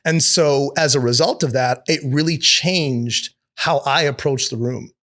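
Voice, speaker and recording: A man being interviewed as an actor and producer, telling stories in a lively, profane way and acting out the people he quotes. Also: mid-range voice, measured pace. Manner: animated, profane, acts out quotes. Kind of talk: casual interview storytelling. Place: studio with city view.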